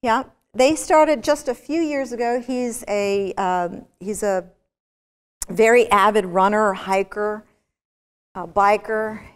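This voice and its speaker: A woman speaks slowly in a clear, resonant, mid-range voice, the long reverb of a big lecture hall around her. Giving a university business lecture, she tells lively stories and poses rhetorical questions to her listeners.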